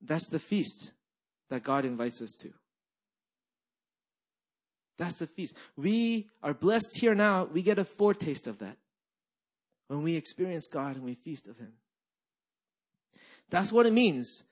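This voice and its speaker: Animated young male preacher. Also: fairly high pitch, measured pace, pauses often. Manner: animated storytelling, frequent "right?" and "like". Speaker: pastor. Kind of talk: sermon.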